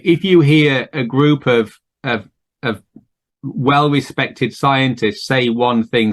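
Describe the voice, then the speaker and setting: A man hosting a podcast, chatting casually in a thoughtful, musing way with frequent fillers. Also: medium pitch. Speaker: podcast host. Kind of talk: casual conversation.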